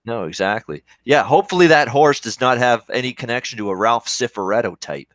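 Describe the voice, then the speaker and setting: A man's voice: mid-range voice, animated, a little fast, a bit bright, dry recording, studio quality. A man co-hosting a sports betting show, joining the casual chat in an easygoing, agreeable way.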